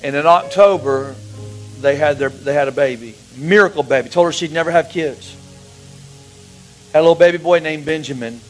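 A man preaching a sermon, telling a personal story with emotion, his voice dropping to a hush and rising again. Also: a little high, moderate pace, soft background music, low-quality recording. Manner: emotional storytelling, swings from hushed to raised.

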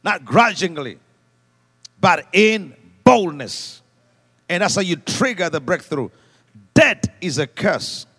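A male preacher with a somewhat high voice, leading a church congregation in call-and-response. He drops to quiet asides, then rises to shouted commands. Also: big pitch swings, slow pace, long pauses, husky. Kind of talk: sermon. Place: church service before a congregation.

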